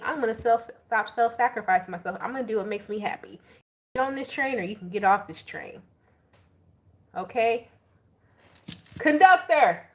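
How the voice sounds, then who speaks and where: A woman giving a casual tarot reading to her viewers, chatty and animated, with slangy asides. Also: high voice. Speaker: tarot reader.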